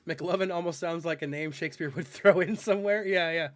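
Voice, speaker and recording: A man's voice: fairly high pitch, a little fast. A male streamer in casual live-stream chat, joking with his viewers and tripping over tricky words.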